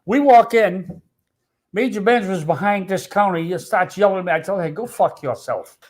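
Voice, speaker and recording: An older man tells his story bluntly, with a tough street manner and plenty of swearing. His voice sits somewhat high for a man. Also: brisk, a little mellow. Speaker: storyteller guest. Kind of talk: casual storytelling.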